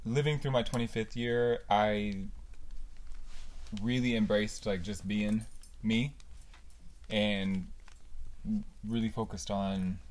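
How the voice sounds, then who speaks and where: A woman's voice: extremely low pitch, steady tone, takes it slowly, pauses often, a little mellow. A woman in her twenties co-hosting a podcast, joking, laughing often and swearing in casual chat. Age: 20s. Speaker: podcast co-host.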